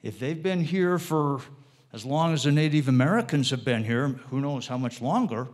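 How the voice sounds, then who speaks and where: A man's voice: mid-range voice, expressive, moderate pace. A man giving an informal, rambling lecture to a live audience, often checking in with tag questions and wandering off into side topics. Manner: rambling, digressive delivery with restarts.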